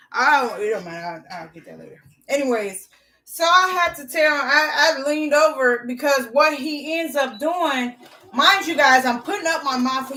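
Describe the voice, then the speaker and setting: A woman vlogger telling a story to her viewers in a blunt, profane, lively way. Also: high voice, distant mic, a little hiss or hum, rough recording.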